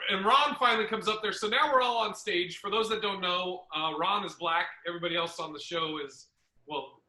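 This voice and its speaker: A man hosting a podcast, telling a comedy club story in a casual, profane, animated way. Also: sits high, echoey room, rough recording.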